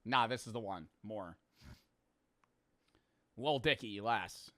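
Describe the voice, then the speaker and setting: A young man in his twenties giving excitable live commentary as he plays a game, muttering low and then shouting, swearing freely. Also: takes it slowly. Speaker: gaming streamer. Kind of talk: live gaming commentary to chat.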